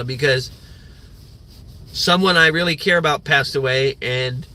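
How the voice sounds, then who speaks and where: A man's voice: mid-range voice, bright, forceful tone. A young man streaming a rambling morning rant, full of fillers and swearing. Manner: rambling, profane, filler-heavy. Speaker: livestreamer.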